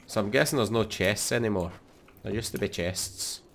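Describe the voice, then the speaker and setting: A young Scottish man giving sweary, excitable let's play commentary into a desk mic. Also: lowish voice, normal speed, gravelly, a little hiss or hum. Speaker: gaming YouTuber.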